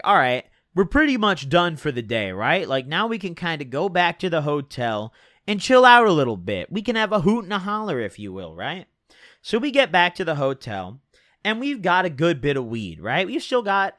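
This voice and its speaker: Young male vlogger, casual storytime, bright lively voice, dry close recording. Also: fairly high pitch, no room sound. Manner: rambling slangy storytelling with many fillers.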